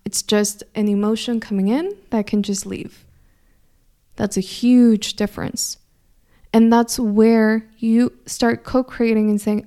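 A young adult woman, a coach hosting a weekly inspirational talk, speaking in a gentle, encouraging, reflective way. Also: a little high, moderate pace, smooth. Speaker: spiritual coach host.

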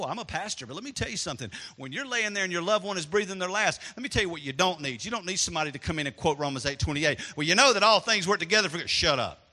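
Animated preacher in an echoey hall. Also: male voice, on the high side. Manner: animated preacher, swings from hushed to loud. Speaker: pastor. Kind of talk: sermon with storytelling.

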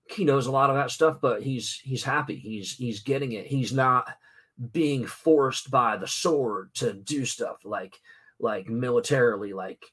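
A father vlogs to camera in a loose, rambling way, full of "you know" and "um" and restarted sentences. His voice sits at an ordinary middle pitch for a man. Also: moderate pace, a bit bright, slightly rough. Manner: rambling, many fillers and restarts. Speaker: father and vlogger. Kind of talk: casual talking-head vlog.

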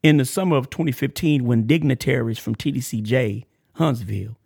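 A man hosting a faith podcast, mixing lively shout-outs with preacher-style reading of a testimony. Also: medium pitch, vocal fry, breathy edge, dry recording, studio quality. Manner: animated, emotional, shout-outs and laughs; preacher-like cadence. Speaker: podcast host. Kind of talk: casual preaching and reading a letter.

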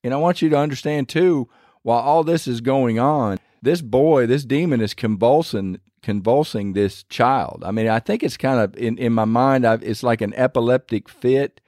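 A man's voice: medium pitch, normal speed, darkish tone, no room sound. Male preacher, mid-range voice, dry close sound, earnest conversational sermon delivery. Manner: conversational, earnest, retells scripture with acted quotes.

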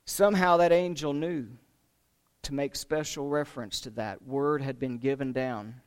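A man preaching a sermon, retelling a story with emphatic rises and hushed drops. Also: on the high side, unhurried, smooth. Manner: emphatic, dramatic retelling with rising and falling intensity.

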